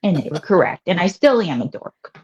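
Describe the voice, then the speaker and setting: A woman's voice: lowish voice, big pitch swings, a little fast, darkish tone, slight background noise. A woman comedian from Western Pennsylvania with its accent, telling rambling stories in a casual interview, full of fillers and asides. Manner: chatty storyteller, rambling with many fillers and asides. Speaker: comedian guest. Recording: slightly dull lo-fi audio.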